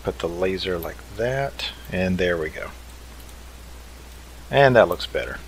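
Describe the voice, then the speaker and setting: Deep-voiced man casually narrating gameplay. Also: expressive, unhurried, a little hiss or hum, poor audio. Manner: easygoing, thinks aloud while building. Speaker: let's play host. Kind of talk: casual game commentary.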